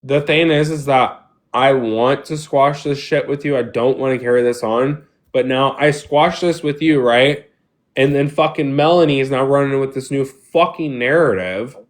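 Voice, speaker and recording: A man's voice: mid-range voice, moderate pace. A man on a live stream, frustrated and defensive, swearing heavily as he argues. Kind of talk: heated live stream argument.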